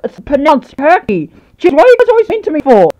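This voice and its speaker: A woman's voice: very high-pitched, big pitch swings, rapid-fire, warm tone, dull audio, voice pushed up. A woman voicing a bullied pink unicorn, whiny and touchy, in a homemade toy video.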